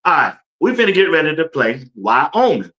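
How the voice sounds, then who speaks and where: A very animated man with a fairly high, pushed and bright voice talks at normal speed while hosting a casual sports commentary livestream. He keeps it loose and colloquial, laughs often and addresses his viewers and chat head-on.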